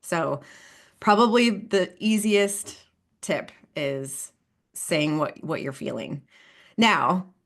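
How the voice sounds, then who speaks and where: A woman's voice: lowish voice, slow pace, a bit bright. A woman couples therapist in a podcast interview, talking in a chatty way with frequent laughs and asides like "right?" and "you know".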